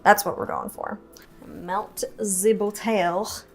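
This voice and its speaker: A woman's voice: medium pitch, steady tone, slow pace, faint music behind. A young woman hosting a home cooking tutorial in a kitchen, chatty, playful and self-mocking, laughing often at her own slips. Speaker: cooking show host.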